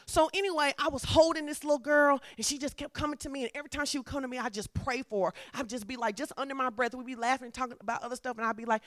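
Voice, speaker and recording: A woman preacher, speaking in a fairly high voice. She moves between chatty asides and fervent, emphatic exhortation. The sound is dry and close, with little room echo. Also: expressive, fast talker, few pauses, fairly bright tone. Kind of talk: sermon.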